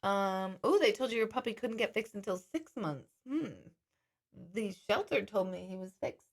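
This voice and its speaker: A woman's voice: mid-range voice, moderate pace. A woman hosting a live-stream question and answer session as a psychic medium, chatting casually and reading viewer comments aloud.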